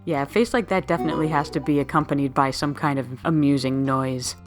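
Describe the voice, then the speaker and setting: Low-voiced woman chatting wryly over a game. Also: fairly even intonation, fast, faint music behind. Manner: chatty, wry observations. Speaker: let's play co-host. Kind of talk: casual gameplay chat.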